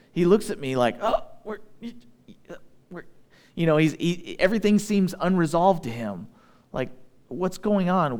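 A man's voice: fairly high pitch, darkish tone, clear, resonant tone. A man preaching a sermon as a pastor, talking in a conversational way and checking in with his listeners.

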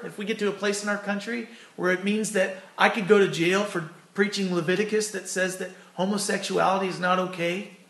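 A man's voice: high-pitched, fairly bright tone. A man preaching an earnest, conversational sermon with personal stories, then closing in prayer. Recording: echoey room.

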